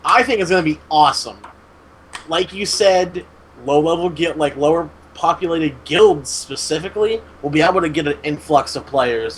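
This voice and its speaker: Upbeat man with a slightly high voice. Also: a bit bright, a little hiss or hum, low-quality recording. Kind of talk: casual gaming chat.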